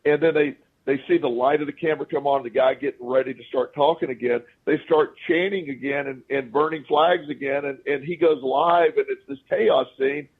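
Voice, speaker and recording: A man's voice: a little high, a little fast, hardly any pauses, slightly rough, phone-quality sound. A man as a podcast guest, telling anecdotes casually and acting out what people said. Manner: animated storyteller who acts out quoted speech.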